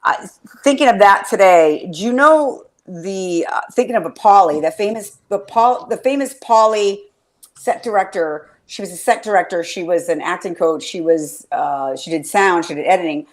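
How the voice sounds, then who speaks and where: A woman's voice: lowish voice, moderate pace. A woman hosting a casual fan chat, rambling and swearing with enthusiasm, often trailing off mid-sentence. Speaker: podcast host.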